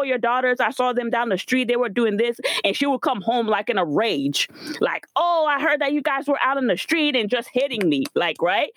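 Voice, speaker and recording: A woman's voice: mid-range voice, no room sound. A woman telling a painful family story in a casual conversation. She talks candidly and emotionally, close to tears, and cusses freely. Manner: candid and emotional, with frequent cussing and "like". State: near tears.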